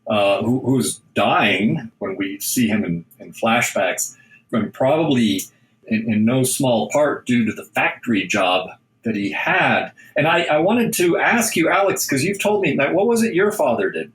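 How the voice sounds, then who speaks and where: A man's voice: mid-range voice, expressive, unhurried, a bit bright, echoey room, poor audio. A man co-hosting a casual chat, asking questions attentively. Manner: inquisitive, attentive. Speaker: co-host.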